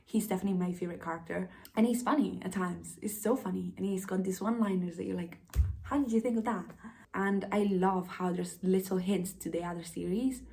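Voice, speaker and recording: A woman's voice: on the low side, fairly even intonation, brisk, gravelly, few pauses, dark tone. A young woman vlogging casually about books, gushing and emotional, sometimes dropping almost to a whisper. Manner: gushing, emotional, drops to a near whisper at times. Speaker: book vlogger. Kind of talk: casual vlog chat.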